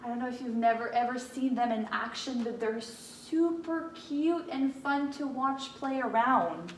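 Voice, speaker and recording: A little high and measured in pace, a woman's voice carries a first grade math lesson explained patiently, with many fillers, to young children. Slight background noise is present, and the recorded lesson in the whiteboard home room sounds echoey.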